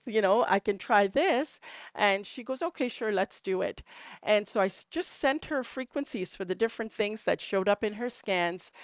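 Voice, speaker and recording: A woman's voice: medium pitch, no room sound, studio quality. Chatty woman telling stories. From Canada. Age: middle-aged. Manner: chatty, many fillers, laughs at herself. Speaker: entrepreneur sharing testimonials. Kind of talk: casual storytelling to a group.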